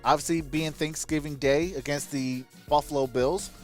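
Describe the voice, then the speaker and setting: Man, somewhat high voice, casual sports commentary, enthusiastic fan host, chatty asides, faint music behind. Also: fairly even intonation, normal speed, darkish tone.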